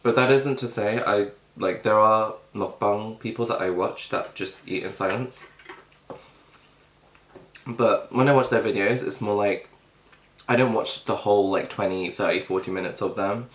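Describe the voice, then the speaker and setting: Young man chatting while eating, low voice. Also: steady tone, moderate pace. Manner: rambling, filler-heavy, talks with mouth full. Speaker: mukbang vlogger. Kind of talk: casual chat while eating. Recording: echoey room.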